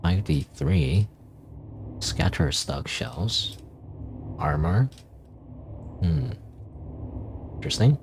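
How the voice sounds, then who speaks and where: Low, lively rambling male streamer. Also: drawn-out words, pauses often, a little hiss or hum. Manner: rambling, hesitant, thinking aloud with many restarts. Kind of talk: casual gameplay commentary.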